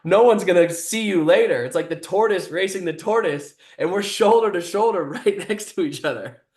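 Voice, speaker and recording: A man telling a motivational story with animated, vivid delivery. His voice sits a little higher than most men's, and it carries a roomy echo. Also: normal speed. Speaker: guest speaker, explorer.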